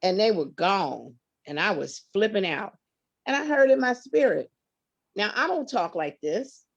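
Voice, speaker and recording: A woman's voice: mid-range voice, a little slow, creaky, lo-fi sound. A woman talks as a guest on an interview show. She tells her stories with lots of emphasis and feeling, her voice swinging as she makes a point. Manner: expressive, emphatic, laughs often. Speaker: guest singer. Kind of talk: animated interview storytelling.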